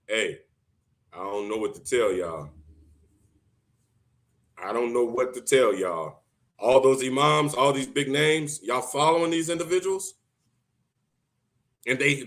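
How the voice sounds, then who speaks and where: A man talking loudly and excitedly in a solo monologue, often repeating himself for emphasis. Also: on the high side. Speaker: video host giving religious advice. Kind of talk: impassioned solo monologue to camera.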